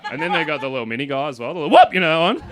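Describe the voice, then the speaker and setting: A man, telling a self-mocking story on a comedy club stage into a handheld mic, building to animated punchlines. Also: a little high, very fast, a crowd in the background, noisy background. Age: 30s. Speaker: stand-up comedian. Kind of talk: stand-up storytelling.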